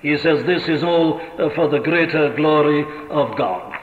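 Welsh preacher in an echoing hall. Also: male voice, on the high side, a little slow, a little hiss or hum. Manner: rhetorical, questioning the congregation. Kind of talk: sermon. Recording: old lo-fi radio recording in a reverberant hall.

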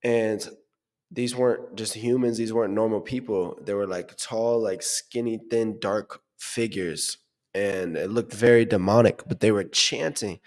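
Young man, fairly low voice, earnest personal testimony, searching for words. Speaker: testimony speaker.

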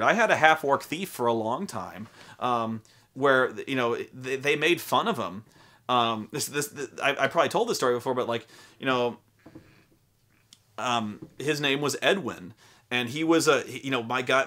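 A man's voice: medium pitch, fairly bright tone. A young adult man hosting a casual talk about tabletop role-playing games, rambling and profane, full of acted-out quotes. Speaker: host.

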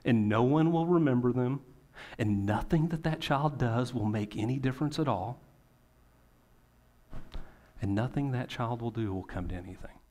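Male pastor, mid-pitched voice, conversational sermon delivery with pointed questions and pauses. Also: a little mellow. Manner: conversational preaching with rhetorical questions and emphatic pauses.

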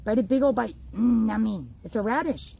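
A woman's voice: fairly high pitch, expressive, vocal fry, warm tone, husky, low-quality recording. Gushing woman vlogging in her garden. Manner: gushing, exclamatory, drawn-out. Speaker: homestead vlogger. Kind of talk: casual excited vlog. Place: outdoors in a home garden.

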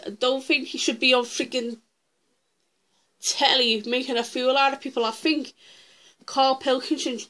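A woman's voice: high voice, a bit bright. A woman ranting through a countdown list in her vlog, blunt and heated, swearing freely. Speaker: vlogger.

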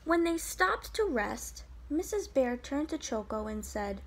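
A woman teacher reading a picture book aloud to children, in an expressive, sing-song way. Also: sits high, unhurried.

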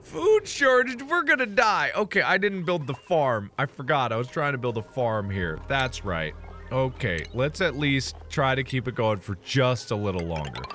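A man hosting a let's play video, talking through the game as he plays. He is excitable and swings from loud squeals to muttered asides. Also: medium pitch, moderate pace, soft background music. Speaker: gaming channel host.

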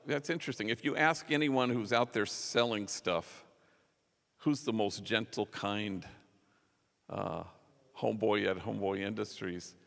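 Gravelly man preaching in a reverberant church. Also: lowish voice, measured pace, fairly bright tone. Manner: conversational storytelling, acts out quotes. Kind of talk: sermon storytelling. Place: large church.

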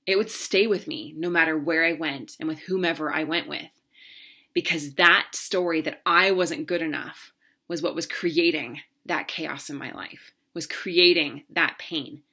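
Woman coach, 30s, earnest heartfelt storyteller, lowish pitch, bright tone. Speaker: relationship coach. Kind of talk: personal story talk to camera.

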